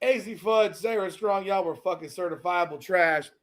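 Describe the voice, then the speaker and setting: A man's voice: sits high, moderate pace. A man from South Florida hosting a live watch-party podcast, ranting profanely and heatedly over the game. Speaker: podcast host.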